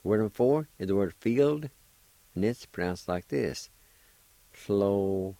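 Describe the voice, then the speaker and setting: A man's voice: fairly low pitch, animated, moderate pace, vocal fry, dark tone, dry recording. An older man with a Cherokee-speaking Oklahoma accent, patiently teaching vocabulary on a radio show, spelling and repeating each word syllable by syllable. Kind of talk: slow spelled-out language lesson.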